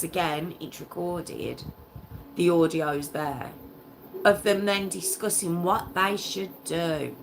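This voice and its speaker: A woman tells a true crime story in a casual, heartfelt way. She speaks slowly in a lowish voice and repeats herself when a point upsets her. Her tone stays indignant and emotional throughout. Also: vocal fry, background noise.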